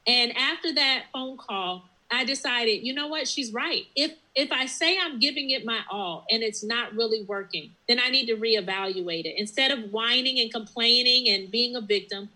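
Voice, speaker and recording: Woman, business owner, bright clear tone, slightly high, earnest, reflective. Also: normal speed, few pauses, rough recording. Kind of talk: interview conversation.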